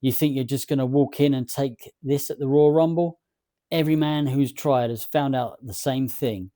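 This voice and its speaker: A man's voice: mid-range voice, steady tone, normal speed, warm tone, no echo, studio quality, close to an everyday voice. A man reading out a male wrestling champion's firm, scolding reply to a challenger. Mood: stern.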